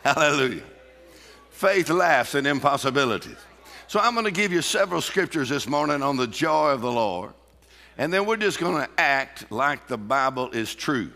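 A man's voice: mid-range voice, lively intonation, moderate pace, sharp tone. A man preaching a sermon in a church, emphatic and laughing often as he calls out to the congregation. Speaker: pastor. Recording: reverberant hall.

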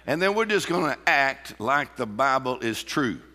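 A man preaching a sermon with exuberant energy, breaking into shouts and bursts of laughter. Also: medium pitch, sing-song, normal speed, long reverb tail. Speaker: pastor.

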